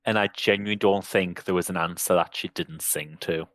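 A man's voice: sits low, steady tone, brisk, a bit bright, dry recording. A man co-hosting a podcast in casual chat, with a dry, self-mocking humor. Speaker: podcast co-host.

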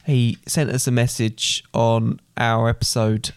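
A man's voice: medium pitch, level tone, measured pace, clear, resonant tone, no room sound. A young man co-hosting a casual podcast with his dad, joking and reading out listener mail. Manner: jokey, playful, reads listener mail aloud. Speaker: podcast co-host, son. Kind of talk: casual chat.

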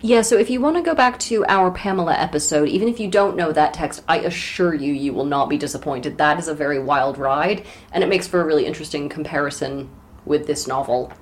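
Woman podcast co-host, lowish voice, wry and casual. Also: a little fast. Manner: wry, joking asides. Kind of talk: casual book discussion.

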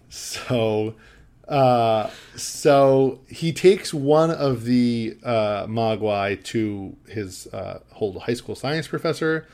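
A man's voice: medium pitch, drawn-out words, darkish tone. A man co-hosting a podcast, recapping a film in casual chat, rambling with lots of fillers and easy laughs. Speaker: podcast co-host.

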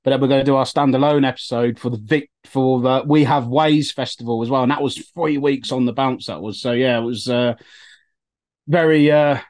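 Man, co-host, easygoing, hesitant, mid pitch. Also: fairly even intonation, moderate pace, darkish tone. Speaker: podcast co-host. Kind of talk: casual chat.

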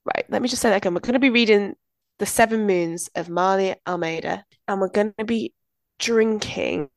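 A woman co-hosting a podcast, telling lively anecdotes in casual chat and laughing often. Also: mid-range voice, fairly quick, no room sound. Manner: chatty, animated anecdotes with frequent laughter. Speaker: podcast co-host.

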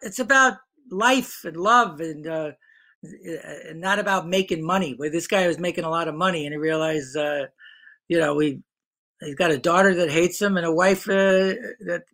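Bright-voiced man, halting and earnest. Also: high voice, creaky. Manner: halting, repeats words, earnest. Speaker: guest actor. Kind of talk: candid podcast conversation.

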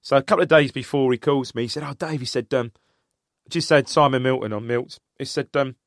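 A man's voice: mid-range voice, fairly even intonation, fairly quick, no echo, studio quality. Rambling English man telling a story. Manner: rambling storyteller, laughs often. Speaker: podcast co-host. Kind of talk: casual football chat.

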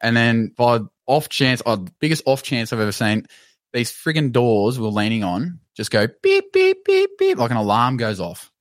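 A man with an Australian accent telling a story on a podcast in a casual, animated way, swearing and laughing as he goes. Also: mid-range voice, normal speed, no echo. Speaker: podcast co-host.

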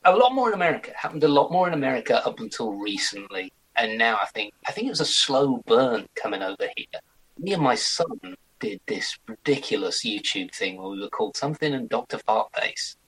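A man in his forties, an actor chatting as an interview guest in an animated way. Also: mid-range voice, slightly rough, poor audio. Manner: chatty, animated, slips into mock accents. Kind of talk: casual interview chat.

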